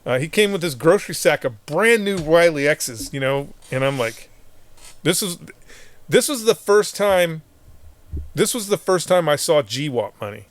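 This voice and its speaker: A man's voice: a little high, animated, moderate pace. A middle-aged man, a former Marine hosting a podcast, telling war stories in casual, profane talk, laughing often and acting out what others said. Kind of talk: casual storytelling.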